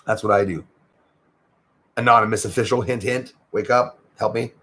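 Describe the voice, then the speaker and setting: A man's voice: on the low side, steady tone, normal speed, pushed and bright. A man hosting a livestream, chatting casually and greeting viewers by name as he rambles along. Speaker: livestream host. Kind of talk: casual chat reading out viewer comments.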